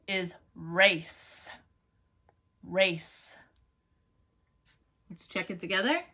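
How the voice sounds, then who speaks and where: Teaching phonics and dictation online, this woman moves notably slowly and unhurriedly, drawing out every word and asking "right?" and "okay?" along the way. Her voice is expressive and a bit bright, pitched in an ordinary middle range.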